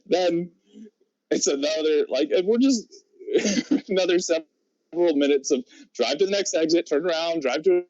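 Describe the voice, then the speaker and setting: A man's voice: fairly high pitch, normal speed, a little mellow, no room sound. A man guesting on a podcast, telling a long story in a rambling way, laughing often and restarting his sentences. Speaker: guest, pro wrestler. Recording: slightly muffled audio.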